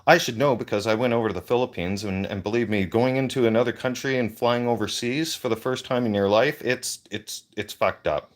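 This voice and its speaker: A man's voice: medium pitch, brisk, few pauses. A man ranting in a heated, profane way into a handheld phone on a livestream. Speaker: veteran livestreamer. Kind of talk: angry livestream rant.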